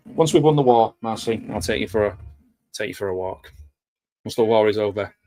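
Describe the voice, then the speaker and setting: A bright, forceful mid-range male voice, recorded without echo, carries this casual live film commentary. He's chatty and wry throughout, tossing out dry jokes between frequent fillers.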